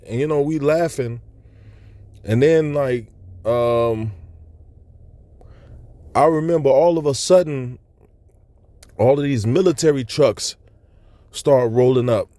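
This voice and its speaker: Mellow-voiced man telling a testimony. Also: mid-range voice, slow pace, long pauses, no room sound. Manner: loose, rambling storytelling full of "you know" asides. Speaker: person sharing a religious testimony. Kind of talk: personal testimony recounting a vision.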